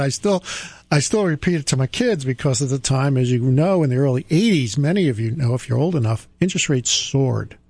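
A man in his sixties hosts a radio money show. His voice sits at an ordinary pitch and sounds dry and close, with no room echo. He speaks with emphasis, repeats his key points and pokes fun at himself. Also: a little mellow. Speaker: radio finance show host. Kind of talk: radio talk monologue.

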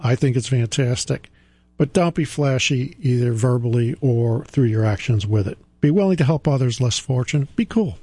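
A man's voice: medium pitch, expressive, moderate pace, mellow, breathy edge, no room sound. A man in his sixties hosting a radio finance show, talking in an emphatic way, repeating his key points and joking about himself. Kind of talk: radio talk monologue.

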